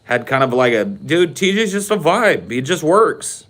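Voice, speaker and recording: A man's voice: on the high side, very animated, unhurried, fairly bright tone. A man hosting a podcast, telling a rambling, profane story in casual chat. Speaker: podcast host.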